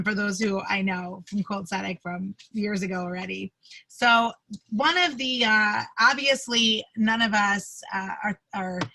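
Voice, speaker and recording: Bright-voiced woman rabbi, halting and emotional. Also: medium pitch, rough recording. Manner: warm, emotional, halting with fillers. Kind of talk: livestream service introduction.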